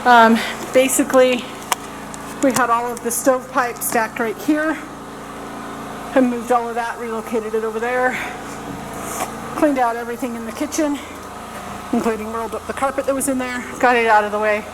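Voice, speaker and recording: A woman's voice: a little high, steady tone, normal speed, pauses often. A woman narrating a casual vlog about work at her cabin, talking in a chatty way with many fillers. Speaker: vlogger. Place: snowy cabin, indoors and out. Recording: noisy camera audio.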